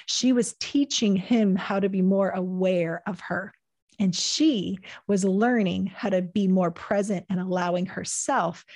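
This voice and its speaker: A woman's voice: mid-range voice, darkish tone. Earnest woman teaching about anxiety. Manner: earnest, explanatory, acts out quoted dialogue. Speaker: therapist host.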